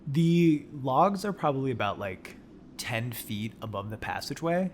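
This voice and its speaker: A man at a medium pitch narrates as game master for a tabletop game, laying out the room at an easy pace. He keeps things relaxed and chatty. A faint hum of ambience sits behind him. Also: normal speed. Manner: relaxed, laughs often while describing scenes.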